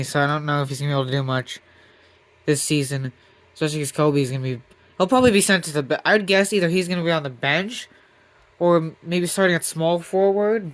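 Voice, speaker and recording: A young man talks through a basketball game simulation in a loose, rambling way, reading rosters aloud and teasing himself. His voice sits a little high for a man, recorded close on a desk microphone. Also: bright, forceful tone. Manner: rambling, self-mocking, reads out rosters. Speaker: gaming commentator. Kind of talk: casual gameplay commentary.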